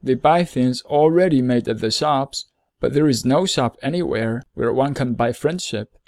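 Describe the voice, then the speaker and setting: A man voicing a gentle, lonely male fox in a storybook reading, earnest and measured, explaining things slowly. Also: mid-range voice, dry recording, close to an everyday voice.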